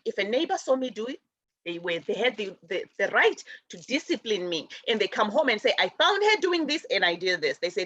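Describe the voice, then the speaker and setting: A woman hosting a spiritual talk show, telling stories about her upbringing in an animated way and acting out her relatives' voices. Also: sits high, no room sound, dull audio. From raised in a village outside America. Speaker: show host.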